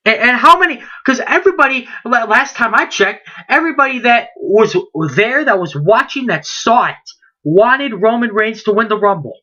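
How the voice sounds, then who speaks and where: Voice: medium pitch, animated, normal speed, bright, forceful tone, lo-fi sound. A late-teen wrestling vlogger in a heated, indignant rant, firing off rhetorical questions and repeating himself. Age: late teens.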